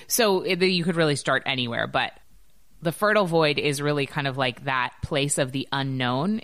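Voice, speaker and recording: A woman in her thirties hosts a casual podcast. She talks in a bubbly, upbeat way with a low voice. The sound is dry and close to the mic. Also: a bit bright, no echo. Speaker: podcast co-host.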